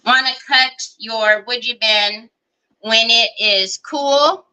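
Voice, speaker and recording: A woman's voice: medium pitch, lively intonation, takes it slowly, sharp tone, clean tone, low-quality recording. A woman hosting a live crafting stream, thinking aloud as she works and greeting viewers by name. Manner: chatty, greets viewers by name while working. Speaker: craft livestream host. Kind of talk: casual live crafting chat.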